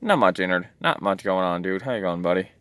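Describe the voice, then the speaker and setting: A man voicing a laid-back young male buddy who talks in easygoing, casual slang in a lowered voice. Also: quick pace, a bit bright, clear, resonant tone, dry recording.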